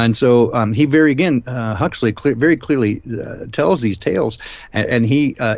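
A man hosting a live stream discussion, talking in a rambling, emphatic way with many filler pauses. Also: mid-range voice, vocal fry, a little mellow, no room sound. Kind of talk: casual discussion. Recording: dull lo-fi stream audio.

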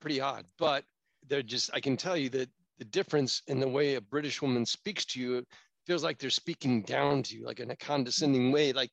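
A man's voice: medium pitch, brisk, gravelly, a bit bright, no room sound, muffled recording. A man co-hosting a casual podcast on a small headset mic, talkative and opinionated, often jumping in. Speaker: podcast co-host, street artist.

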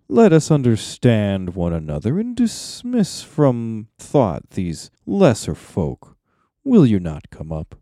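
Wizard read-aloud: proud old sorcerer, coaxing and lilting, voiced by a man with a dark, dry tone. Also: medium pitch, no room sound. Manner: coaxing, measured storybook reading. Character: proud, silver-tongued old male wizard. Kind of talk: reading a book excerpt aloud.

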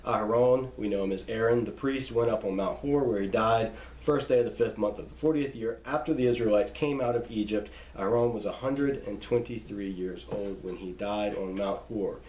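A man's voice: on the low side, a little mellow, echoey room, poor audio. A man reading a list of scripture names aloud and stopping to explain how to pronounce them, in a teaching tone. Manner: reads name lists slowly, pausing to spell out pronunciations.

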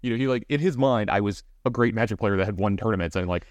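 Fast-talking man telling a funny story. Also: fairly low pitch, no echo. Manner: fast, animated storytelling with many fillers. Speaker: podcast co-host. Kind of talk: casual storytelling chat.

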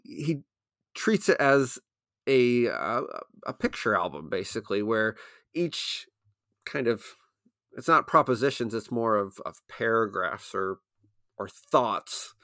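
A man's voice: lowish voice, fairly bright tone, no echo, studio quality. A man co-hosting a philosophy podcast, talking casually and thinking aloud, with frequent restarts and repeated words. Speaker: podcast co-host.

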